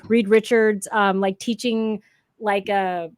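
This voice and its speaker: A woman's voice: mid-range voice, flat delivery, slow, darkish tone, clean tone, no echo. Woman, podcast guest, casual chat, chatty, hesitant with fillers, dry sound. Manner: chatty, hesitant with many ums and likes.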